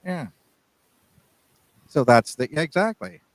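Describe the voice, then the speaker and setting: A man's voice: a little high, animated, slow, no echo, low-quality recording. Rambling man on a dry podcast mic. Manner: rambling, restarts sentences often. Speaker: podcast co-host. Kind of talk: casual podcast chat.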